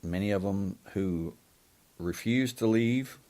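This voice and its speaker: A man hosting a live show monologue, halting and full of ums and restarts, with an indignant, emphatic way of talking. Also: lowish voice, mellow. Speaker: host.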